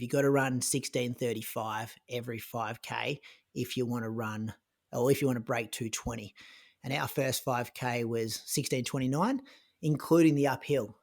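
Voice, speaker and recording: A man recounts a race for his podcast co-host. He talks casually, with lots of filler words and restarts, and his voice sits at an ordinary middle pitch. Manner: chatty, lots of "like" and restarts, animated in retelling. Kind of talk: casual conversational storytelling.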